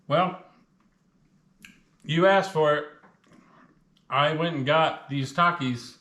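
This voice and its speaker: A man's voice: fairly high pitch, slow pace, pauses often, a bit bright, roomy sound. A man casually reviewing spicy chips on his vlog, chatting with his mouth full while the heat burns. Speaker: food reviewer.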